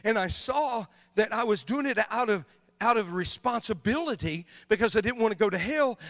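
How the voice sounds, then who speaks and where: A male missionary preaching a sermon, swinging from loud shouts to hushed, quiet passages. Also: very high-pitched, long reverb tail.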